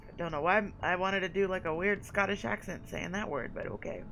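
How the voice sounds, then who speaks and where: A woman streamer, giving casual, profane, excitable commentary during a game playthrough. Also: on the low side, brisk, vocal fry, faint music behind, poor audio.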